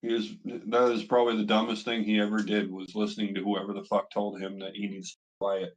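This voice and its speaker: Brash, swearing young dad. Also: male voice, on the low side, little pitch movement, fairly quick. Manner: brash, boastful, profane. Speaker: podcast guest. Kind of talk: casual chat.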